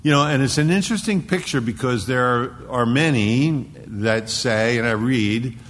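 A man preaching an expository sermon, dropping to a hushed whisper for emphasis and digressing into word study. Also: medium pitch, moderate pace. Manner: dramatic drops to a hushed whisper. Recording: long echo in a large hall.

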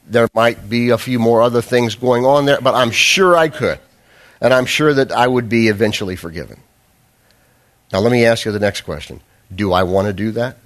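Speaking at a medium pitch, this male pastor preaches by first poking fun at himself through a funny personal anecdote. He then turns earnest and fervent as he presses his message.

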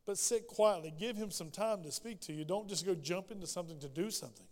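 A man preaching a sermon as pastor in a church, animated and acting out the voices in his quoted prayers. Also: sits high, fast talker, big-room sound. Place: church sanctuary.

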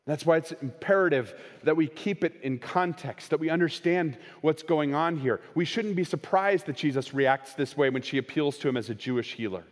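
A man preaching a sermon, swinging between raised, quoted lines and hushed, slowed emphasis. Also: on the high side. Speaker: pastor. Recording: long hall reverb.

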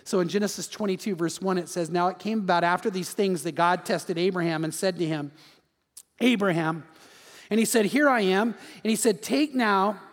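A pastor giving a lively sermon with frequent asides and repeated words. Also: male voice, high voice, brisk, few pauses, long reverb tail.

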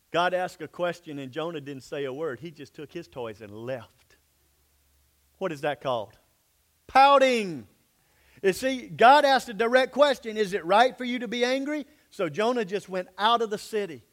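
A man preaching a sermon, acting out voices and swinging from hushed asides to loud outbursts. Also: high-pitched, lively intonation, normal speed, long pauses. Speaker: pastor.

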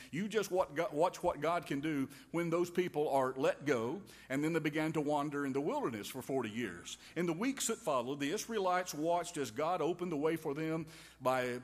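A man preaching in a folksy, wry style, tossing in homey quips as he goes. His voice sits a little high for a man, and it rings out with the long reverb of a large hall. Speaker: pastor. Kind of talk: sermon.

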